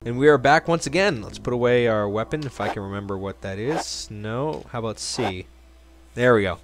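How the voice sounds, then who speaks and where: A man's voice: medium pitch, normal speed, noisy background. A man hosting a let's play, giving jokey, rambling gameplay commentary. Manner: jokey, rambling, self-mocking.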